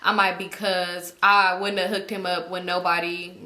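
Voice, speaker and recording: A woman's voice: lowish voice, level tone, moderate pace, bright, forceful tone, reverberant. A woman vlogger telling a rambling, profane story in a casual way, full of fillers.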